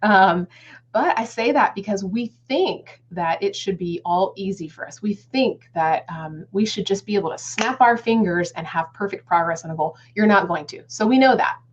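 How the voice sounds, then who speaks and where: A woman's voice: medium pitch, moderate pace. A woman in her thirties giving an upbeat motivational talk on a live webinar, speaking to viewers as friends. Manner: enthusiastic, addresses viewers as friends and guys. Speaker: guest speaker on goal setting. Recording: slightly dull lo-fi webinar audio.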